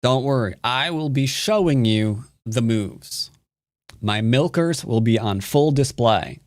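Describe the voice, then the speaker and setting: A man's voice: medium pitch, expressive, slow, no room sound, clean studio sound. A man teaching Go while he plays a game live, commenting with jokes and silly asides. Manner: playful, jokey, breaks into silly sing-song nonsense.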